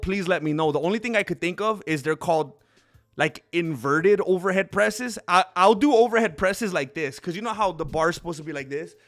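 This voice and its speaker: A man hosting a casual livestream, chatting in a rambling, excitable way and calling viewers dude and bro. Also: high voice. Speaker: streamer host.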